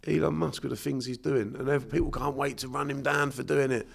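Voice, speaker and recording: A man from Bermondsey in South London, with the accent to match, talks a little fast in a creaky, medium-pitched voice with a steady tone. He's a guest on a casual podcast, an unconscious mind therapist, and he speaks bluntly, emphatically and with plenty of swearing.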